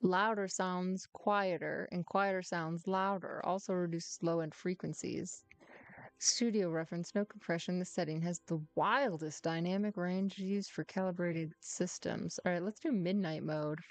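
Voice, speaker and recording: A woman's voice: fairly low pitch, steady tone, unhurried, no room sound. A woman chatting casually through her gameplay, teasing and muttering to herself as she plays. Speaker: gaming streamer.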